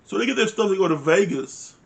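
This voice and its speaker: A man with a high, light voice rants through a reality show recap. He talks bluntly and swears freely, sounding fed up with the people on screen. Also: animated, fast talker, creaky. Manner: blunt, profane, exasperated ranting; uses informal dialect grammar. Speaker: reality TV reviewer. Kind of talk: casual recap commentary.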